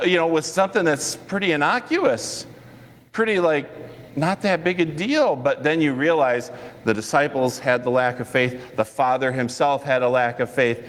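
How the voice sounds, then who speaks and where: A male pastor delivers a sermon in a fairly high voice, telling stories with animation and acting out quotes that jump up in pitch. His voice rings through a church sanctuary with a long reverb tail. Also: moderate pace, fairly bright tone.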